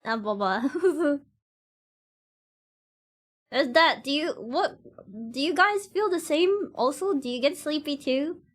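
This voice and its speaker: A woman's voice: sits high, expressive, slow, long pauses. A woman streamer chatting casually with her viewers, giggling and laughing often, with loose, slightly non-standard grammar.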